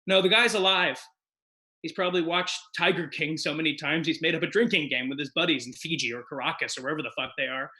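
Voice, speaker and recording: A man giving a deadpan comedic poetry reading over a video call, reciting in a mock-solemn, theatrical way. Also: fairly high pitch, fast. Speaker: guest performer.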